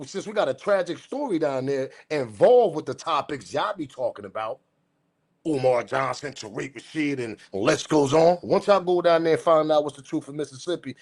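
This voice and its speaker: A man hosting a news commentary channel, ranting in a profane, slangy, repetitive way, swinging from muttering to shouting. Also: fairly high pitch. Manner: profane, repetitive, slangy, keeps saying respectfully. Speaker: host.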